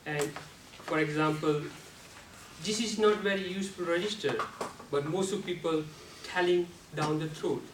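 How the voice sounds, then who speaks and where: A man giving a prepared club speech on how to use the voice, speaking slowly and deliberately with non-native grammar, and now and then showing off sudden jumps in pitch and loudness. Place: meeting room. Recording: echoey room, speaker far from mic, faint noise.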